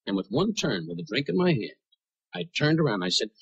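Brash, husky roast comic man. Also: medium pitch, big pitch swings, muffled recording. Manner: brash rapid-fire insult humor; bursts into shouted punchlines. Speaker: roast comedian. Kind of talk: stand-up roast routine.

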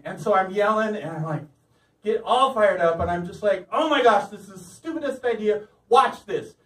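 A man's voice: high-pitched, animated, normal speed, fairly bright tone. A man telling a stand-up comedy story at an open mic, often laughing through his lines. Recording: echoey room, mic at a distance, faint noise.

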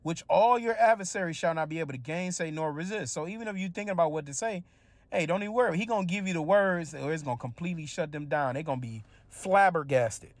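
A man reading scripture verses slowly, then explaining them in loose, casual street slang. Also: high voice, no echo. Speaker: religious teacher. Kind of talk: informal scripture teaching.

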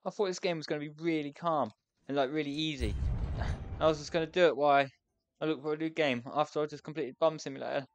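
A woman's voice: deep voice, fairly even intonation, fast talker, dry recording. A young woman giving frantic, exasperated let's play commentary with lots of swearing. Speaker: gaming YouTuber.

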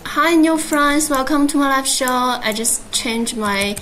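High-voiced woman, slow halting English. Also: fairly bright tone, slight background noise, rough recording. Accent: Chinese. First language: Chinese. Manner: halting, repetitive greetings. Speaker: livestream sales host. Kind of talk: live-stream product presentation.

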